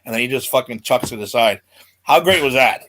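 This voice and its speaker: Animated man retelling wrestling moments. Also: mid-range voice, a little fast, a little hiss or hum. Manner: animated retelling, acts out quoted lines, laughs often. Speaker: podcast host. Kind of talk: casual chat.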